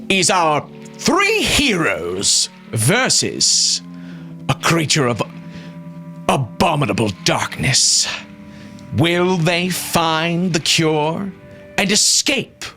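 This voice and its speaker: Man doing a scheming casino showman: slow, theatrical, pitched high, faint music behind. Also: vocal fry, bright, forceful tone, exaggerated voice. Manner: slow, theatrical announcer drawl. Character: grandiose scheming male casino boss showman.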